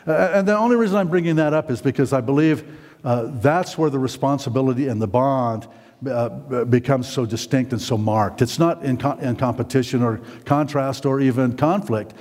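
A man's voice: mid-range voice, moderate pace, a little mellow. Rambling preacher man in a reverberant hall. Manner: rambling, many fillers and restarts, asks the congregation questions. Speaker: pastor. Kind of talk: sermon.

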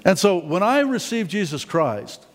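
A man's voice: high voice, a little slow, a little hiss or hum. Folksy preacher man in a reverberant hall. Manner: folksy, candid, repeats words when excited. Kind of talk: sermon testimony.

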